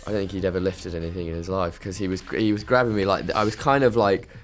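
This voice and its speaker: Low-voiced man, laughing at himself. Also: steady tone, fast. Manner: self-deprecating, laughs while talking. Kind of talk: anecdote told in an interview.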